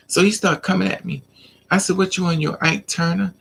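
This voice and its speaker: A woman's voice: fairly low pitch, steady tone, fairly quick, gravelly, slightly rough. A woman vlogger telling a personal story in a casual rant, animatedly acting out both sides of an argument.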